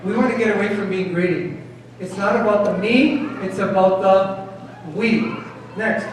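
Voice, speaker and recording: A man's voice: sits high, fairly even intonation, measured pace. A man teaching children at a temple program, coaxing and playful, putting questions to the kids. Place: large echoing temple hall. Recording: echoey hall, voice from far off.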